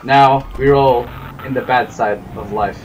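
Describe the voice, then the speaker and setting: A man's voice: mid-range voice, fairly even intonation, a little slow, muffled recording, slight background noise. A young man narrating and chatting in character in an improvised game film, hesitant and rambling with many fillers. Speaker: crew member narrating a machinima film.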